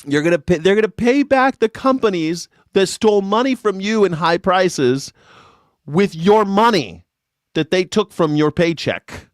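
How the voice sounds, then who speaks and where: A man's voice: sits high, animated, measured pace, no echo, studio quality. Profane ranting male commentator. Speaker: host. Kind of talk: casual political commentary.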